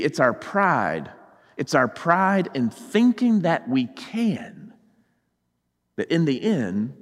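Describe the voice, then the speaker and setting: High-voiced Southern preacher in a church. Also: male voice, long reverb tail. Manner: swings between loud urgency and hushed, low intensity. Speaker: pastor. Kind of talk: sermon.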